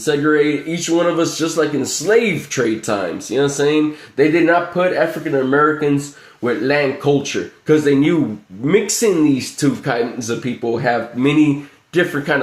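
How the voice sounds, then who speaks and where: Echoey, rambling, cursing man ranting live. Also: a little high. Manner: profane, repetitive, keeps saying "you know what I'm saying". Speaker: livestream host. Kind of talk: rambling livestream rant.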